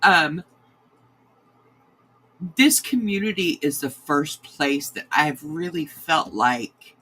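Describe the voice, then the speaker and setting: A woman, a crochet host chatting to her livestream viewers in a sentimental, halting way. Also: low-pitched, expressive, bright, forceful tone, husky, poor audio. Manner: sentimental, halting, many restarts. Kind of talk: casual livestream chat to viewers.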